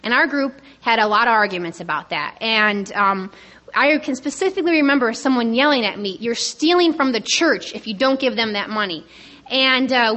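A young woman speaking on a conference panel, sharing her story quickly, a little nervous and excited. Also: a little high. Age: young adult. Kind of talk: personal share talk.

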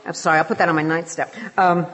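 A woman's voice: sits low, flat delivery, fast, fairly bright tone. An older woman from England sharing her personal testimony at a recovery meeting, joking about herself between many fillers.

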